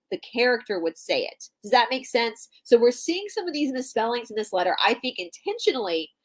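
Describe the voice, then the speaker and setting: A woman's voice: fairly high pitch, poor audio. A woman from Atlanta, co-hosting a live online show, explaining things in a chatty way and talking straight to her listeners. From Atlanta, Georgia. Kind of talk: casual chat, explaining and reading aloud.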